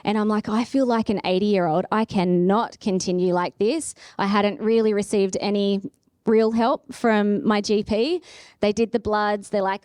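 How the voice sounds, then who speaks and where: A woman's voice: medium pitch, normal speed, clean tone, dry recording, clean studio sound. Candid Australian woman giving a keynote. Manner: candid, chatty, animated storytelling. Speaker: keynote speaker. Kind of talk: conference keynote talk. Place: conference room.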